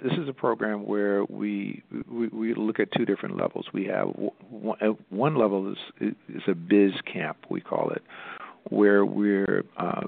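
A man from a nonprofit answering interview questions, speaking haltingly with many restarts and fillers. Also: lowish voice, steady tone, gravelly, dry recording. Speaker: nonprofit representative. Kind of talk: interview over the phone. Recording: tinny phone line.

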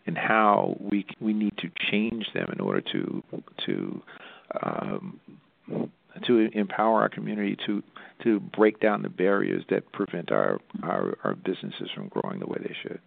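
A low, gravelly man speaking over a thin, tinny phone line. He talks haltingly, with lots of restarts and fillers, as he explains his organization's work. The sound is dry and close, with no room around it. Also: sing-song, dry recording. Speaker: nonprofit representative.

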